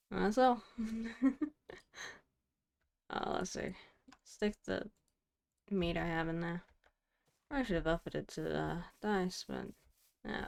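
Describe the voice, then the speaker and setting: A woman's voice: lowish voice, creaky. Wry woman muttering through gameplay. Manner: chatty, wry self-talk, mock-indignant. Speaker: streamer. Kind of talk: casual gameplay commentary to herself.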